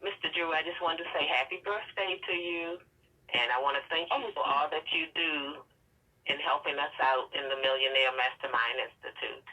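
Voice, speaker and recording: Playful female caller, very bright tone, heard on a distant mic. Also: sits low, moderate pace, lo-fi sound. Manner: playful, teasing. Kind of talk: casual chat.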